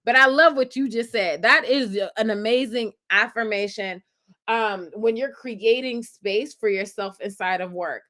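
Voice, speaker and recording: A woman's voice: on the high side, unhurried. A young adult woman, hosting a casual live-stream chat and cheering on commenters as she reads them. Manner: animated, affirming, hypes up commenters. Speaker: podcast host reading live chat.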